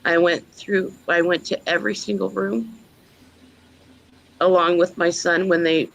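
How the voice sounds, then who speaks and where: A woman, a mother, giving a personal testimony in an earnest, storytelling way with many pauses. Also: lowish voice, steady tone, gravelly, poor audio. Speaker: guest mother.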